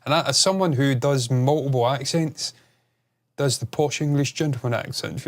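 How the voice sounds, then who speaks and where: A man, co-hosting a casual gaming chat, animated and sweary, prone to rambling. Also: mid-range voice, moderate pace. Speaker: podcast co-host.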